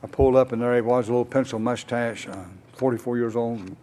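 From a conference stage, an older man tells his personal recovery story in a fast, mellow, mid-range voice with little pitch movement. His storytelling wanders in a folksy way, heavy on "uh"s, and he voices both sides of the conversations he recounts.

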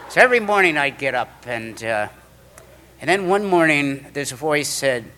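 Man, middle-aged, bright voice, lively storyteller, faint background noise. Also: a little high, normal speed. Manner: animated storyteller, acts out quoted voices. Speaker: speaker sharing his recovery story. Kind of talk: storytelling talk to a meeting.

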